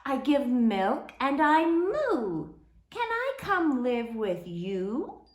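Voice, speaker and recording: A woman's voice: high voice, sing-song, extremely slow, echoey room, voice pushed up, exaggerated voice. A woman playing a timid, sad little cow. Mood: plaintive. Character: timid gentle female cow.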